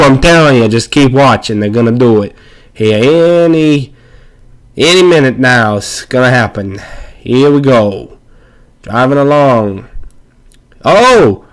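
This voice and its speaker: A man narrating gameplay footage in a joking voice-over, sarcastic and rambling with mock hype. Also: mid-range voice. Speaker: video narrator.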